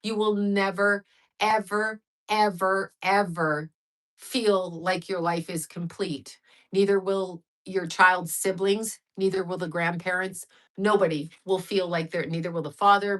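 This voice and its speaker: A woman's voice: fairly low pitch, rough recording. A woman in her sixties hosting a casual livestream, talking candidly and rambling, with frank swearing, and answering viewers' messages as she goes. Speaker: livestream host.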